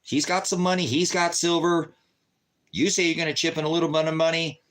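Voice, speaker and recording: A man's voice: fairly high pitch, steady tone, a little fast, a bit bright. A man telling an angry personal story in a casual rant, cursing and acting out his arguments with other people. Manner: agitated, profane, retells arguments in quoted voices. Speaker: storyteller venting.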